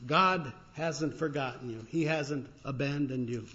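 A man preaching a sermon as a pastor, telling stories in an unhurried, reflective way with pauses and fillers. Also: medium pitch, pushed and bright. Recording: dull lo-fi recording.

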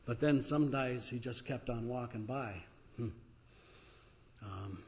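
A man preaching a sermon with dramatic swings, loud when he cries out and quiet when he reflects. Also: medium pitch. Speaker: pastor. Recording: dull, lo-fi recording.

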